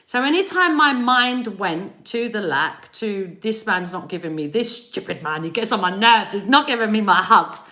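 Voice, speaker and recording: Speaking at a moderate pace with few pauses, this British woman has a sharp, expressive, medium-pitched voice. She hosts a spiritual reading livestream from home in Spain, greeting viewers by name, laughing frequently and keeping the chat casual.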